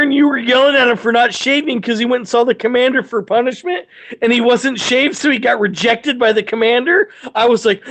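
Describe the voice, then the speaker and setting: A man who supervises in the military, chatting casually in a garage and telling animated stories, swearing often and acting out the people he quotes. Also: very high voice, a little fast. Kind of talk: casual chat.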